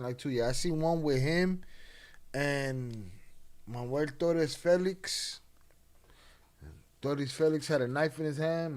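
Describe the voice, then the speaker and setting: This late-night livestream is hosted by a man whose voice sits at medium pitch. Relaxed and casual, he uses plenty of slang while going through chat messages and shouting out viewers.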